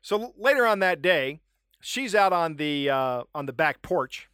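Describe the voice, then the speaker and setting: A middle-aged man hosting a comedy podcast, ranting wryly and telling animated anecdotes. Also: a little high, measured pace, smooth, no echo, clean studio sound. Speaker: podcast host. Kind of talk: casual comedic podcast chat and storytelling.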